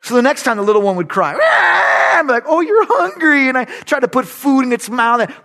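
A middle-aged man preaching a sermon, moving from shouted lines to soft, laughing asides. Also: extremely high pitch, fast. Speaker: pastor.

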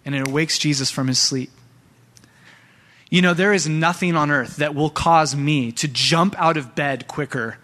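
A pastor, a father of young sons, preaching a sermon in an animated way and often addressing the church directly. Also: fairly high pitch. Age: young adult to middle-aged, father of young sons.

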